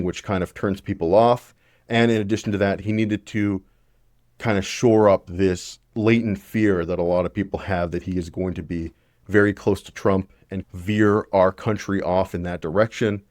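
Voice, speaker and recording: Casting: young guy, deep voice, dry close mic, blunt casual political commentator. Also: darkish tone, no echo. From Canada. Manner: opinionated and conversational, blunt with occasional swearing.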